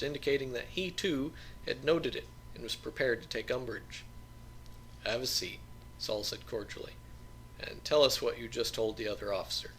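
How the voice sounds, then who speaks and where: A man reading a novel aloud as an audiobook narrator, in plain, steady storytelling. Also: medium pitch, a little hiss or hum.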